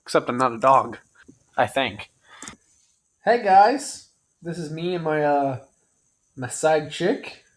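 A young man vlogging in a goofy comic way, often yelling and joking loudly. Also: a little high, animated, slow pace, long pauses. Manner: loud, yelling, jokey, swearing. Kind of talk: goofy comedy vlog.

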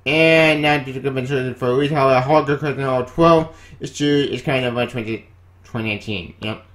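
A man hosting a vlog, ranting in exasperation and jumping between low mutters and sudden high outbursts. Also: moderate pace, fairly bright tone. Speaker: comic book vlogger.

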